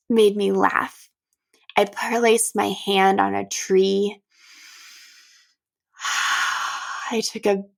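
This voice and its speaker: A middle-aged woman hosting a podcast, talking calmly and gently as she guides the listener through breathing practices. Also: mid-range voice, creaky. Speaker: podcast host. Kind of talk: reflective solo podcast talk.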